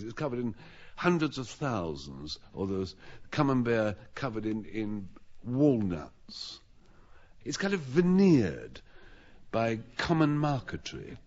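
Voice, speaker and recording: A man spinning a long comic anecdote on a radio panel show, rambling and self-mocking with stammered restarts. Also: medium pitch. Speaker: panelist telling a comic story. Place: radio studio with audience. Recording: dull old radio broadcast recording.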